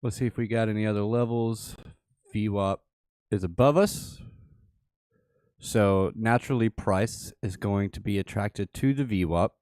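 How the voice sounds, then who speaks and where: A man's voice: lowish voice, a little slow, darkish tone, clear, resonant tone, no room sound, studio quality. A man hosting a livestream, giving casual live chart commentary and thinking aloud with repeated phrases. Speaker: livestream host.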